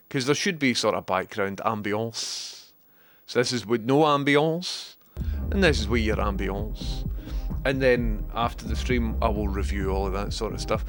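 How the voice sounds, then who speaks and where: A man's voice: on the low side, a little slow. A Scottish man chatting casually on a livestream, rambling and speaking directly to his viewers. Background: background music.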